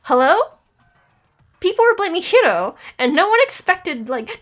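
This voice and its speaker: A woman streamer giving exasperated, rambling gameplay commentary, filling her rant with "like" and pushing her voice higher as she gets angry. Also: very animated, measured pace, faint music behind. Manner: exasperated, rambling, heavy use of "like"; voice climbs high when angry. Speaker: let's play streamer.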